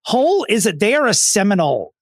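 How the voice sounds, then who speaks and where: A man co-hosting a podcast, talking in a thoughtful, measured way in casual chat. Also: high-pitched, very animated, no echo, studio quality. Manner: thoughtful, measured, restarts phrases. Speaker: podcast co-host.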